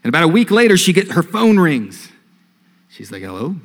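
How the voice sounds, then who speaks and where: A male pastor preaching a sermon, telling a story earnestly and swelling louder on key phrases. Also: high-pitched, sing-song, moderate pace. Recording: long hall reverb.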